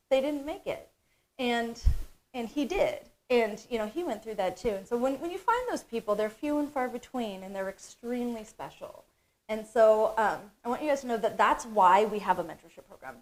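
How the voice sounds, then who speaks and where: A middle-aged woman hosting a live stream for her company, talking in an emotional, effusive way with bursts of excitement. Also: medium pitch.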